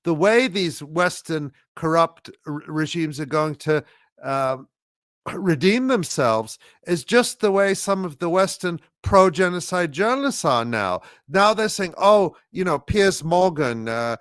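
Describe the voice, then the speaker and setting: A man's voice: a little high, expressive, a little slow, fairly bright tone, no echo, clean studio sound. A man giving impassioned political commentary as a guest on a video call, urgent and rallying, repeating phrases for emphasis.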